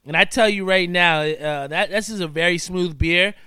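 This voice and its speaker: Man, casual talk show host, slightly high voice, very crisp and clear, dry close sound, easygoing chatter. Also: normal speed, sharp tone, no room sound. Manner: laid-back, chatty, says "man" often. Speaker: podcast host. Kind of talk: casual show sign-off with sponsor shout-outs.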